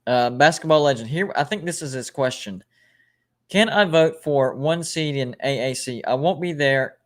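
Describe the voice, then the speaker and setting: A man runs a relaxed sports livestream at a middle pitch. He talks casually, rattles through ranked lists and reads viewer comments aloud, often stopping to restart a phrase. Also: normal speed. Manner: rambling, self-correcting, reads out ranked lists. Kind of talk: casual live-stream chat, reading viewer comments.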